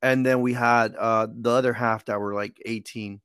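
A man in his twenties hosting a casual chat, telling stories in a relaxed way and laughing easily. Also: medium pitch, normal speed, clear, resonant tone, dry recording, clean studio sound.

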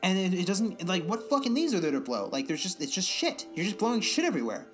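A young man with a somewhat high voice talks in a loose, meandering way, cursing often and building into animated rants. It is an unscripted podcast chat with faint music underneath. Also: fast. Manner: rambling, profane, animated ranting. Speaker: podcast co-host. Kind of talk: casual chat.

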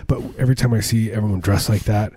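A man with a low, husky, mellow voice, co-hosting a casual comedy podcast. He rambles through jokes, trails off and restarts mid-thought. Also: steady tone, fast talker, no room sound. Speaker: podcast co-host.

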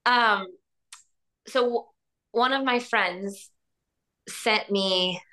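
A woman hosting a podcast, talking in a rambling, animated way with many fillers and frequent laughs. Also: mid-range voice, extremely slow. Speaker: podcast host. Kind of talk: casual chat.

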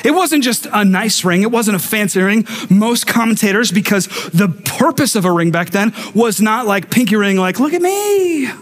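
High-pitched guy pastor preaching, animated storyteller, does little voices for the people he quotes, jokes with the church. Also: normal speed, hardly any pauses. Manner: humorous asides to the congregation. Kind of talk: sermon.

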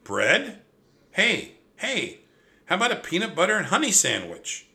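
A man's voice: high voice, wildly swooping pitch, unhurried, gravelly, pushed and bright, voice pushed up, full character voice. A man voicing a cautious, bookish young boy who gets anxious in a storybook reading. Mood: nervous.

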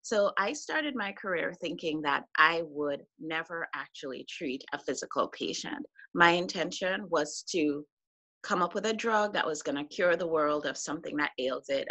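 A woman's voice: fairly low pitch, lively intonation, moderate pace, sharp tone. A woman doctor talking about her practice as an interview guest, upbeat and chatty. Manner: upbeat, chatty, self-amused. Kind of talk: interview conversation.

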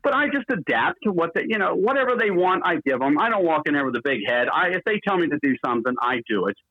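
A man's voice: a little high, sing-song, quick pace, dry recording, muffled recording. A man in his fifties, a radio DJ, telling long, salty anecdotes in an interview. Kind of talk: storytelling interview.

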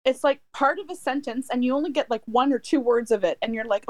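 A middle-aged woman co-hosts a casual chat in a high, bright voice, laughing often and circling back on her own sentences. Her voice is recorded dry and close, with no room around it. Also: fast talker, no room sound. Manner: chatty, laughs often, trails off and restarts.

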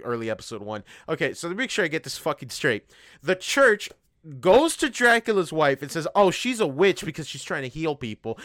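Guy on a podcast, kinda high voice, dry close mic, gets loud and worked up retelling stuff. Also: dry recording. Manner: animated, profane retelling with acted-out quotes. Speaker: podcast co-host. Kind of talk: casual chat.

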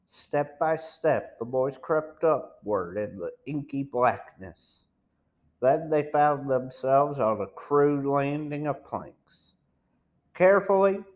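Male hobby audiobook reader, unhurried and careful, muffled home recording. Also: fairly high pitch, a little mellow. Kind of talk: reading a novel aloud.

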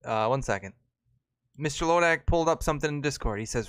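A man's voice: medium pitch, lively intonation, quick pace, fairly bright tone, smooth, no room sound. A man hosting a casual livestream, chatting with viewers, laughing easily and swearing casually. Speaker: livestream host. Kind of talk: casual chat.

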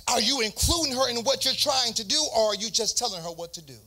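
A man's voice: very high-pitched, animated, fast talker, hardly any pauses, bright, forceful tone. A man preaching a sermon as pastor, in a sing-song cadence with repeated phrases.

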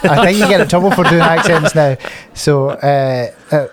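A man's voice: on the high side, moderate pace, a crowd in the background. A Scottish man in his thirties, co-hosting a casual chat among friends, tells a rambling story full of swearing and laughter. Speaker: podcast co-host.

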